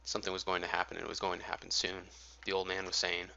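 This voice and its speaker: A man narrating an audiobook in measured, atmospheric storytelling on dull lo-fi audio. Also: sits low, completely flat delivery, vocal fry, pushed and bright.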